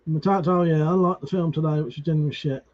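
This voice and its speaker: A man with a fairly high, steady, darkish voice talks quickly as he chats casually with live-stream viewers. He reads comments, greets people by name, swears freely and restarts words, all through dull lo-fi stream audio.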